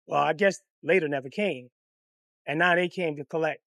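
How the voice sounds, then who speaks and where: A man telling a comic personal story in a profane, animated, conversational way. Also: on the high side, normal speed, creaky, no echo, studio quality.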